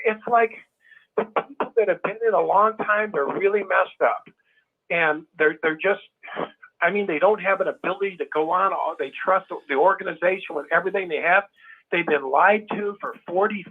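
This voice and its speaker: A man calling in to a talk show with a fairly high voice. He talks with emphasis, circles back to the same points and acts out the people he quotes. The sound is thin and tinny, like a telephone line. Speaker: caller. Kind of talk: animated phone-in chat.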